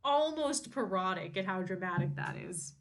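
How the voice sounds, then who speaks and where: A woman co-host reading a novel aloud and joking about it, animated and quick to laugh. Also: mid-range voice. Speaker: podcast co-host.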